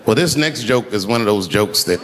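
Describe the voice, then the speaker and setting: A man telling stand-up comedy stories onstage at a large venue into a handheld mic, swinging between shouted punchlines and low, hushed asides. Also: lively intonation, brisk, crowd noise. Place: large performance venue on stage. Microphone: handheld stage mic. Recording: long hall reverb, faint noise.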